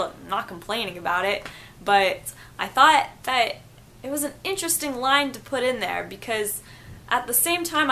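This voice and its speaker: Young woman, book review vlog, bright tone, chatty and enthusiastic. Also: a little high. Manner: chatty, enthusiastic, muses aloud.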